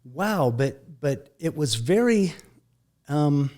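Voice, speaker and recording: Halting, soft-spoken man telling a painful story. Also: big pitch swings. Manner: halting, repeats words, voice drops low and soft at painful moments. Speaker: guest recounting a near-death experience. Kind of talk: emotional personal storytelling.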